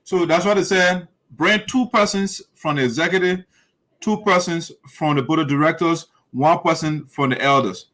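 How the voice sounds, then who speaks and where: A man's voice: on the high side, normal speed, a bit bright, rough recording. A man hosting heated political commentary, emphatic and repetitive, often mimicking his opponents' lines. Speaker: show host.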